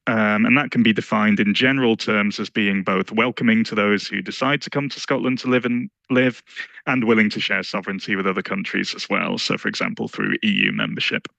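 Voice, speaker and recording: A man giving an academic slide presentation, explaining survey results in a measured, step-by-step way. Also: lowish voice, gravelly, fairly bright tone, no echo, muffled recording. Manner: measured, explanatory, walks through charts. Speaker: lecturer presenting survey research.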